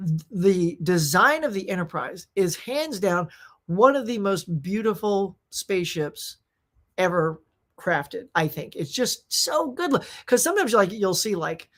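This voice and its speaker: Excitable, rambling woman hosting a live chat. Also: mid-range voice. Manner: excitable, rambling, slangy, with quick laughs. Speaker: host of a live movie chat show. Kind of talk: casual live-stream chat, reading viewer comments.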